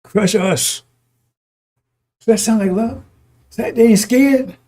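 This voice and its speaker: A man preaching in an easy, high voice with a warm, dark tone. His delivery is emphatic and repetitive, broken by frequent chuckles, and he swears casually as he works through scripture. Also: normal speed. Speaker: religious teacher.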